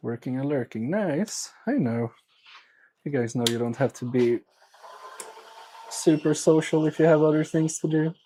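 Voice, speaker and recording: Mellow, husky man chatting on a repair stream. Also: a little high, moderate pace, pauses often, low-quality recording. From Sweden. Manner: chatty, muttering to himself and to chat. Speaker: livestreamer repairing electronics. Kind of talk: casual live-stream chat while working.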